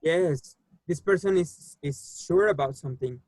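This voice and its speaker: A man who speaks natively leads an English lesson with a patient, unhurried manner, pausing on fillers as he walks his students through the answers. His voice sits a little high for a man. The recording is close and dry, with no room echo. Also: a little mellow. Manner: patient, explains slowly with many fillers. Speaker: English teacher. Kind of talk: online class teaching.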